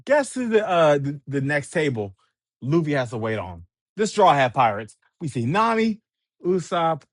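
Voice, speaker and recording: A man giving an excitable, casual chapter recap as a manga reviewer, reading scenes aloud. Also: on the high side, no echo, clean studio sound. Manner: excitable, reads scenes aloud, laughs often.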